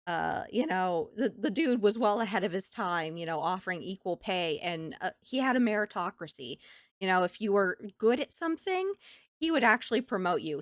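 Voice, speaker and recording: Chatty streamer woman with a lively voice. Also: medium pitch, no room sound, studio quality. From United States. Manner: chatty and animated, laughs often between thoughts. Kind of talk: casual stream chat.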